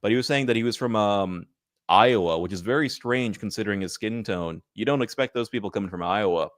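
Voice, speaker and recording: A man's voice: lowish voice, fairly quick, no room sound, clean studio sound. A man co-hosting a podcast, chatting casually and telling rambling anecdotes. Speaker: podcast co-host. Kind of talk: casual chat.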